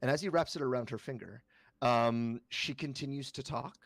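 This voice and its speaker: A man at a tabletop game, narrating his character's actions in a rambling way with plenty of fillers. His voice is gravelly, and the recording is close and dry. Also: mid-range voice, moderate pace, no room sound. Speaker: player.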